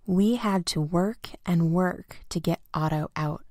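A woman reading a children's picture book aloud, gentle and expressive. She speaks slowly with a fairly low voice for a woman. The sound is close and dry. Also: no room sound. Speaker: storybook reader. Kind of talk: children's story read-aloud.

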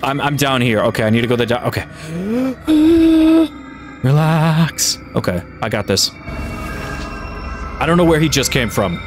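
A man commentating his own horror game playthrough, getting exasperated and shouting when things go wrong. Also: mid-range voice, very animated, measured pace, long pauses. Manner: exasperated, yelling in frustration. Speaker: gaming YouTuber. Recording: game music behind voice. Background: game music.

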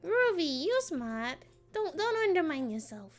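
Bubbly high-voiced woman streamer. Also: sing-song, measured pace, faint music behind. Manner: playful, giggly, answering chat. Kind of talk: casual live-stream chat while gaming.

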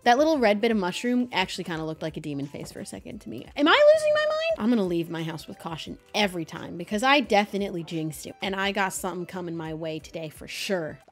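A woman's voice: fairly low pitch, quick pace, few pauses, faint music behind. A young woman chatting playfully as she commentates her building game, talking to the animals in it. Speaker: Minecraft streamer. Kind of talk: casual gameplay commentary.

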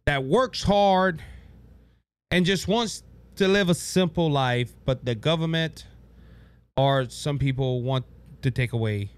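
A man hosting a political talk show, delivering an animated commentary monologue and mocking the people he quotes. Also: fairly high pitch. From Louisiana.

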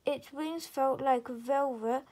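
A woman reading a children's storybook aloud in a soft, gentle, half-whispered way. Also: sits high, fairly even intonation, slow pace, poor audio.

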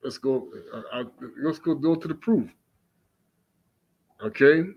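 A man's voice: medium pitch, husky, muffled recording. Emphatic preaching man. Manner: emphatic, asks many rhetorical questions; reads archaic scripture aloud slowly. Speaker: religious teacher. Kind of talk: preaching commentary on scripture readings.

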